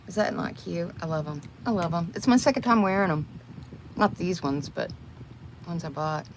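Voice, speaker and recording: A woman's voice: fairly low pitch, moderate pace. An older woman, chatting casually with viewers on a livestream while she does her makeup, rambling and calling them y'all. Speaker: livestream host. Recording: noisy home livestream.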